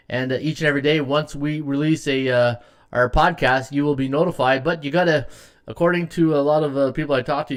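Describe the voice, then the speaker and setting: A middle-aged man hosts a live sports betting podcast, rambling with many fillers and reading viewer comments aloud. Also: on the high side. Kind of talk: casual live-stream chat.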